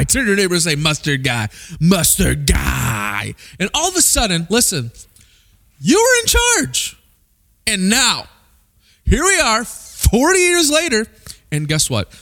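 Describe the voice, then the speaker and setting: Young preacher guy from missouri, high lively voice, keeps asking the crowd "right?". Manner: animated, rhetorical questions to the crowd. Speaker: pastor. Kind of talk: sermon.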